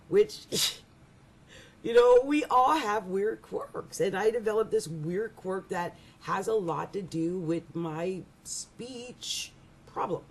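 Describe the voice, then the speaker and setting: Gravelly, animated woman astrologer. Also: medium pitch. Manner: animated, rambling, with frequent laughs and restarts. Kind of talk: casual monthly astrology reading.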